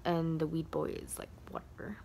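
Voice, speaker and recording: A young woman vlogger with a lowish voice tells a rambling storytime, packing "like" into nearly every phrase. She slips into hushed whispers now and then, with faint noise behind her. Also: level tone, brisk, creaky. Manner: rambling, heavy use of "like" fillers; drops into soft whispers at times. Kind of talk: casual storytime chat.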